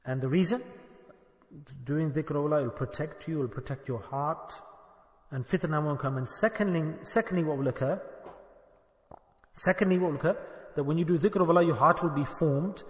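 A man gives a sermon as a spiritual teacher, his voice pitched high. He keeps asking the listeners questions and acts out little dialogues. The sound rings with a long echo, like a large hall. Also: normal speed, long pauses. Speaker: sufi shaykh preacher.

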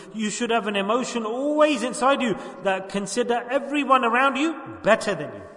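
Preaching in a high, slightly bright voice, a religious teacher keeps posing rhetorical questions about whether his audience understands. The mic sits far from him, and a large hall gives his words a long, spacious reverb.

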